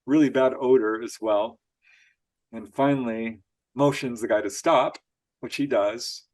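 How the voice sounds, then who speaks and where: A man tells odd stories as a guest on an interview, chuckling often and slipping into little voices for quotes. His voice sits in a middle pitch. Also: measured pace. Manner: animated storyteller, laughs often, acts out quotes. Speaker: author guest. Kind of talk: storytelling interview.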